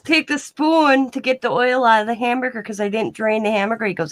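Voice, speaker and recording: A woman with a voice on the high side talks fairly quickly as a live online chat guest, wandering through long stories of her life and voicing everyone's dialogue plainly herself. The recording has no room sound.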